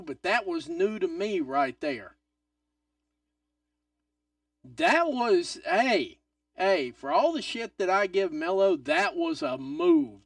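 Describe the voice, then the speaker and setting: A man hosting a live wrestling watch-along stream, excitable and swearing, swinging from loud outbursts to mutters. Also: sits high, creaky, no echo, studio quality, distant mic.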